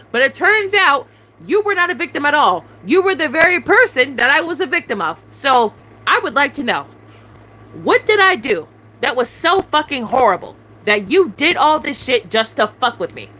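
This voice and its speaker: A woman's voice: sits high, big pitch swings, moderate pace, bright, forceful tone, low-quality recording. A young adult woman venting angrily at someone, demanding answers over and over with heavy swearing. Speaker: YouTuber venting on a live stream. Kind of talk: angry venting rant.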